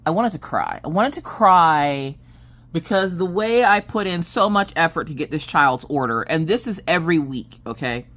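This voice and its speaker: A Southern American woman in her thirties chatting casually, acting out family members' lines in an exasperated storytelling manner. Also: moderate pace. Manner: animated, acts out family members' lines with big pitch jumps and exasperated whispers. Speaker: craft vlogger.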